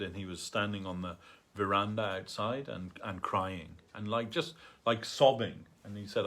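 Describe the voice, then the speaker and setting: A man telling a story at a temple gathering in a halting way, with many fillers and restarts. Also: lowish voice, fairly bright tone. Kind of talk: storytelling talk. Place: temple hall.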